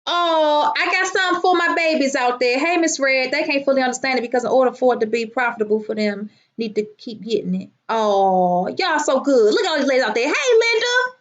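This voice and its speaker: Brash high-voiced woman hosting a livestream. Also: brisk, dull audio. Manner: loud, profane, animated, greets viewers by name. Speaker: livestream host. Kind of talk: casual livestream chat. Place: at home.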